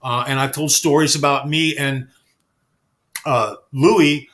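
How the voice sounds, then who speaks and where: A man telling backstage stories in a casual chat, animated and swearing freely. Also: medium pitch, takes it slowly. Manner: animated, acts out quoted dialogue, swears freely. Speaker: guest storyteller.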